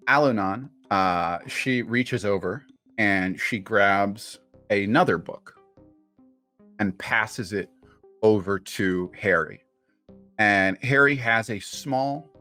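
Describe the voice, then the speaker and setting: A man narrating as game master of a tabletop game, relaxed and unhurried. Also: lowish voice.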